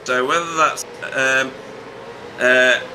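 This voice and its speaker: A man giving casual, joking sim racing commentary with many filler sounds, relaxed and chatty. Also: medium pitch, slow pace, background noise. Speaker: race commentator.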